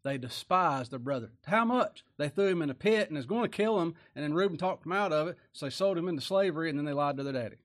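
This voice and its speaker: A man preaching with a drawl, his voice sitting a little high for a man. He talks in a folksy, plain-spoken way and keeps checking in with his listeners through tag questions. He swings from loud, emphatic lines to quiet, slowed-down asides. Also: animated. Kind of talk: sermon.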